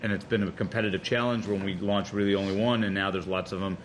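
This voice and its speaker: Low-voiced man asking at a meeting. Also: fairly even intonation, quick pace, a little hiss or hum. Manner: conversational, hesitant, repeats words. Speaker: board member. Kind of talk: board meeting discussion.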